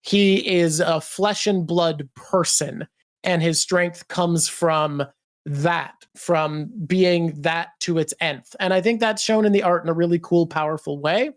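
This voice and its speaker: A woman's voice: on the low side, steady tone, unhurried. A woman hosting a casual discussion, talking in a thoughtful, analytical way. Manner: thoughtful, analytical, breaks into playful voices. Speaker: host. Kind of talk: casual chat, comics discussion.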